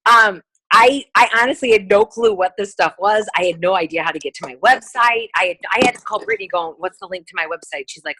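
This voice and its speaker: A woman leading a motivational sales conference call, chatty and animated, acting out conversations as she tells stories. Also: mid-range voice, a little fast, few pauses, poor audio. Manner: chatty and animated, acts out dialogue. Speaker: team leader on a sales call.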